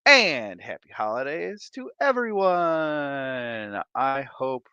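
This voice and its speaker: A man hosting a casual livestream chat, playful and animated, tired and a bit congested, talking on a close desk mic. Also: medium pitch, takes it slowly, clean tone, dry recording, lo-fi sound. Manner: animated, playful, breaks into laughs and silly voices. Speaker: livestream host.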